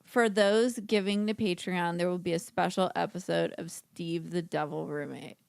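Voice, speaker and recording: A woman's voice: on the low side, fairly even intonation, normal speed, vocal fry, darkish tone, no echo, clean studio sound. Laughing, swearing woman podcast co-host. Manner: laughing, swears freely, playful. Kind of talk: casual chat.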